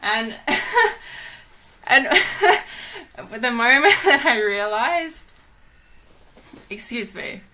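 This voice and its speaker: A woman's voice: fairly high pitch, sing-song, very slow, long pauses, noisy background. A woman vlogger telling rambling, giggly stories in casual chat, full of "like". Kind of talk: casual storytelling.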